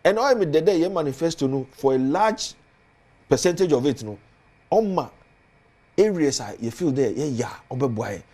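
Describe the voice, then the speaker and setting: A man's voice: a little high, animated, normal speed, mellow. A man with a Ghanaian accent, a politician guest on a studio talk show, speaking earnestly and building emphasis as he lists points.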